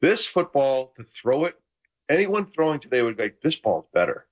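A man in his sixties, a retired football player calling in from a room at home, telling lively stories in casual chat. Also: mid-range voice, normal speed, muffled recording. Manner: animated, enthusiastic anecdotes. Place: home room full of memorabilia.

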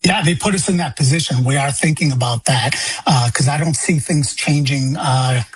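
A man from Illinois talks as a guest on a radio show, heated and intense. His voice is very husky and raspy. He stumbles into restarts and repeats his words as he pushes his points. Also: medium pitch, moderate pace, faint music behind, low-quality recording. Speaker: guest, bereaved father. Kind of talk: phone-in radio interview.

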